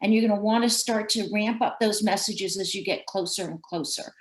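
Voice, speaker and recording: A woman's voice: mid-range voice, brisk, echoey room, rough recording. A woman presenter giving advice on a webinar, checking in often with "okay?". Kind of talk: advising in a video call.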